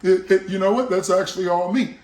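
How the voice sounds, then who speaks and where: A man's voice: high voice, brisk, a little mellow, reverberant. A man in a casual, jokey vlog to camera, talking up his own beard oil and acting out little scenes. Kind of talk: casual product talk to camera.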